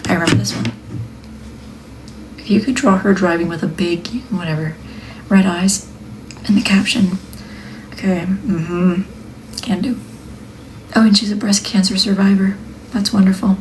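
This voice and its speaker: A young woman, a wood-burning artist, chatting casually on a live stream, joking and now and then dropping into a soft near-whisper. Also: mid-range voice, steady tone, a little slow, long pauses, slight background noise.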